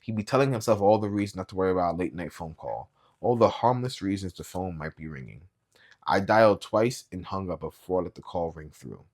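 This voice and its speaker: A man reading a novel aloud as a booktube reader, with quiet, low-key, even narration. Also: fairly quick.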